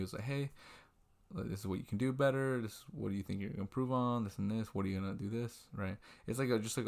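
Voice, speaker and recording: A man's voice: sits low, creaky. A young man from Washington state telling a rambling, self-deprecating story about his restaurant shift, swearing freely, recorded on a webcam at night. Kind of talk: casual storytelling vlog. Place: indoors at a computer, late at night. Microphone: webcam mic.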